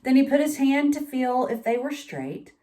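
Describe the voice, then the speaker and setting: A woman's voice: high voice, very animated, normal speed, mellow. A woman reading a picture book aloud to children, with chatty asides to her young listeners. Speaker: storytime reader.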